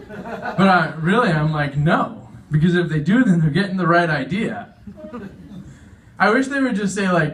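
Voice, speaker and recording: A man's voice: high-pitched, animated, a little slow, pauses often, recorded from a distance, a little hiss or hum. A young man doing a self-deprecating stand-up comedy set on stage, chuckling at his own jokes and acting out voices. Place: veterans' hall stage.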